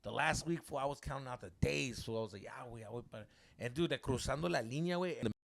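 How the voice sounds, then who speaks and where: A young man and podcast co-host telling a story among friends in a casual, animated way, acting out both sides, swearing freely and mixing in Spanish slang. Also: medium pitch, racing, vocal fry, no room sound.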